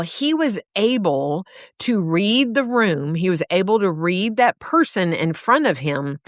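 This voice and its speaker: Slow-talking woman podcast host, dry close sound. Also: medium pitch, no echo. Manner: warm storytelling with fillers and restarts. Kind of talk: solo podcast talk.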